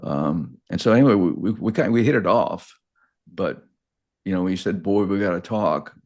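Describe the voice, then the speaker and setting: A man in his sixties, a podcast guest, telling a story in a halting way, often restarting and repeating words. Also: low-pitched, animated, darkish tone. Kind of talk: casual storytelling.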